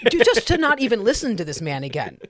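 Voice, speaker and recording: A woman's voice: medium pitch, dry recording, clean studio sound. A woman comedian hosting a podcast, ranting and mimicking people in casual political chat. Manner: animated, ranting, mimics people with put-on voices. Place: comedy club.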